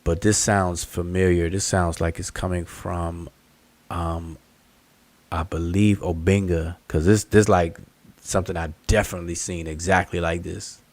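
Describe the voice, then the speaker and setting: Low-voiced guy hosting a study hangout on a video call, dry sound, explains patiently, thinks out loud. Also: level tone, unhurried, no echo. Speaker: study group host. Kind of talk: casual online hangout discussion.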